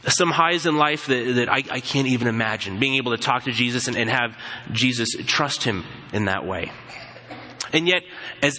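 A man's voice: medium pitch, bright, forceful tone. A man preaching a sermon in a casual, conversational way, telling stories and acting out quoted voices as he goes. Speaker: pastor. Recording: long hall reverb.

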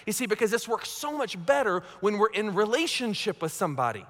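A man's voice: high-pitched, big pitch swings, a little fast, fairly bright tone. A man preaching a sermon as pastor, conversational and self-mocking, often checking in with his listeners. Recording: long hall reverb.

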